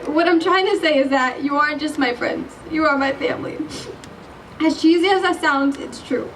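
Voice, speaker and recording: High-voiced teen girl giving graduation speech. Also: moderate pace, a bit bright, distant mic, a little hiss or hum, low-quality recording. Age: late teens. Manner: bubbly, giggly, apologizes when she loses her place. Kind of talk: commencement speech.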